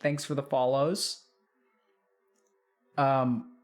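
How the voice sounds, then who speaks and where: A man's voice: medium pitch, level tone, extremely slow. A middle-aged man, a doctor, chatting casually on a live stream, thinking aloud and reading out chat with frequent restarts.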